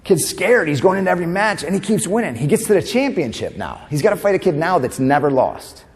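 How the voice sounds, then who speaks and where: A man's voice: high voice, very animated, fast. Chatty male keynote speaker in a big hall. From New York. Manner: conversational, asks the audience questions, tag "right?". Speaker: motivational speaker. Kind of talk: humorous motivational keynote. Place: large conference hall. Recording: long reverb of a conference hall.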